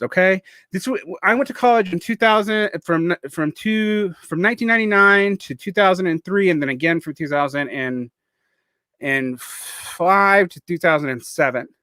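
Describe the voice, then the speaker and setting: Vlogger, man around 40, faint Southern US accent, r/l/w speech impediment, slightly high voice, dry close sound. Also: fairly bright tone, no echo. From Southern United States. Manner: rambling and digressive, with many restarts. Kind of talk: casual monologue.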